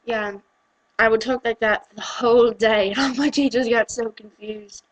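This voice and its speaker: A woman's voice: on the high side, moderate pace, rough recording. A teenage girl with an English accent, rambling chattily in a vlog, giggling and drifting off topic. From England. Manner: chatty, giggly and off-topic, acting out quotes in lively voices. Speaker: vlogger. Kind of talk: rambling casual vlog rant.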